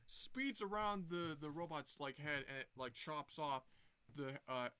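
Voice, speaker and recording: A man's voice: fairly high pitch, animated, measured pace, sharp tone, clear, resonant tone. A young man casually retelling a movie plot for his review, rambling with lots of restarts. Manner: rambling, many fillers and restarts.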